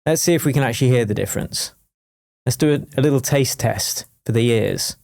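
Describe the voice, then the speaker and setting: A man teaching a music production tutorial in a chatty, jokey way, wired on coffee and full of quick asides. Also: mid-range voice, vocal fry, darkish tone, slight background noise. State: wired on coffee, talking fast. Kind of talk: screen-recorded production tutorial.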